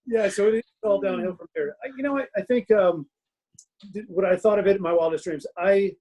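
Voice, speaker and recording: A man's voice: sits high, fairly quick, warm tone, highs cut off. A middle-aged man in a casual interview as a guest author, telling self-mocking stories from his home den and laughing through them.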